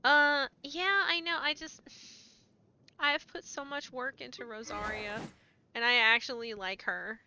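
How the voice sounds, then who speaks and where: A woman streaming a video game, chatting casually into a desk mic, swearing freely and swinging between low mutters and loud excited yelps. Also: a little slow, a little hiss or hum. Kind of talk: casual gameplay stream chat.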